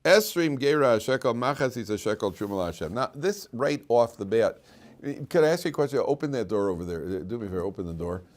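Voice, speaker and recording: A man's voice: mid-range voice, lively intonation, fast. An older man from the United States, a rabbi teaching a casual class to students, telling jokes, with many fillers and restarts as he goes. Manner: rambling, many fillers and restarts, joking storyteller. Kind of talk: informal Torah class with jokes.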